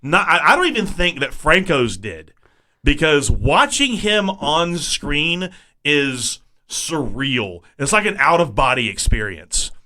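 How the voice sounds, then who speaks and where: Man, high bright voice, casual podcast chat, amused commentary. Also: very animated, takes it slowly. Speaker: podcast co-host. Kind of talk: casual movie-review chat.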